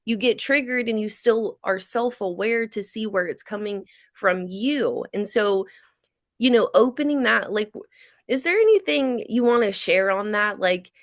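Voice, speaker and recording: A woman's voice: medium pitch, animated, unhurried, no echo, clean studio sound. A woman co-hosting a podcast, talking in a frank, emphatic casual way and laughing readily. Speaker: podcast co-host. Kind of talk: casual chat.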